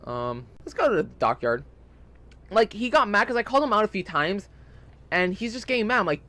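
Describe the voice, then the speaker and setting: A man's voice: high-pitched, very animated, fairly quick, sharp tone. A young man rambling casually in gameplay commentary, chatty and full of fillers. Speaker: gaming channel host.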